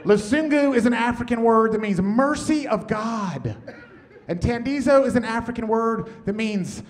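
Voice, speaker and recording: High-voiced man doing stand-up. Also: moderate pace. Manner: deadpan, drops to muttered asides. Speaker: stand-up comedian. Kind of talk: stand-up set. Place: comedy stage with laughing audience. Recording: noisy stage recording.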